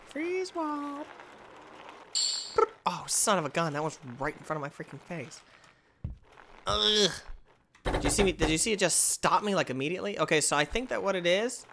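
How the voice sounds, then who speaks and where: Excitable man yelping through gameplay. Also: high-pitched, slight background noise. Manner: excitable, yelps and exclaims loudly; trash-talks the game. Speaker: gamer.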